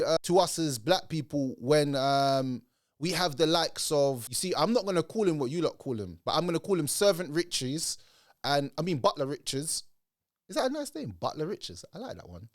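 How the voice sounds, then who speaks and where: A man ranting in reaction commentary, animated and mocking. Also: on the high side, no room sound, studio quality. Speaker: commentary channel host.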